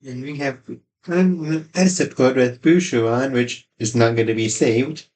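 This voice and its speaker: Low-key man narrating gameplay. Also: measured pace, a little mellow, a little hiss or hum. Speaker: gameplay channel host. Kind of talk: casual gameplay commentary.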